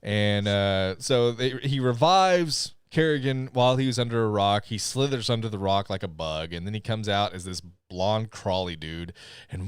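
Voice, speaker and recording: A man co-hosting a casual livestreamed movie review podcast, breaking into laughter often and talking excitably. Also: fairly low pitch, moderate pace, smooth, no room sound. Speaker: podcast co-host.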